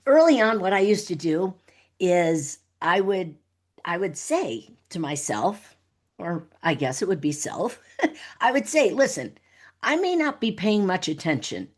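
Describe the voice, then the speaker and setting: A middle-aged woman guesting on a podcast, talking in an animated way, laughing often and acting out little dialogues. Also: medium pitch. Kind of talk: conversational podcast interview.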